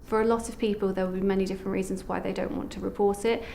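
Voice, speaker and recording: A woman explaining social theory in a measured, academic way for a documentary. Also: mid-range voice, flat delivery, gravelly, mellow, slight background noise. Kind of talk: documentary interview.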